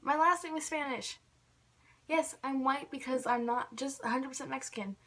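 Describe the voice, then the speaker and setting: A woman's voice: high-pitched, moderate pace, fairly bright tone. A young woman ranting casually to camera, irritated, filling her talk with "like" again and again. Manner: irritated, fills with "like" constantly. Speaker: vlogger.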